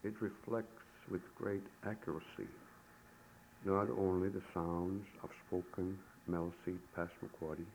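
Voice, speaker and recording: Man, very low voice, slow careful tape lesson, faint hiss. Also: steady tone, a little mellow, low-quality recording. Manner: slow, deliberate, syllable by syllable. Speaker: language teacher. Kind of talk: recorded language lesson.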